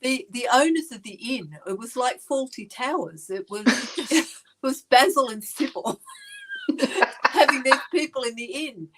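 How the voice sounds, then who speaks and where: A woman's voice: sits high, lively intonation, a little slow, a bit bright, rough recording. A woman hosting a casual interview, chatty and enthusiastic, telling stories and laughing easily. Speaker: podcast host. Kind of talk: casual chat.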